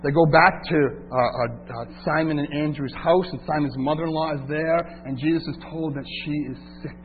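A man's voice: fairly high pitch, steady tone, moderate pace. A male pastor preaching a sermon, asking rhetorical questions of his congregation. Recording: tinny phone-like sound with hum.

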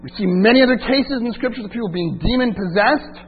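A man's voice: high-pitched, quick pace. A male pastor preaching a sermon, asking rhetorical questions of his congregation. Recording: tinny phone-like sound with hum.

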